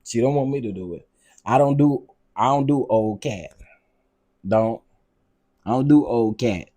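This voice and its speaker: A man venting to his viewers in a loose, repetitive rant, circling back to the same complaints. His voice is mellow and husky, sitting in a middle pitch. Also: measured pace. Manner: animated, repetitive, exasperated. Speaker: vlog host. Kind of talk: casual ranting vlog.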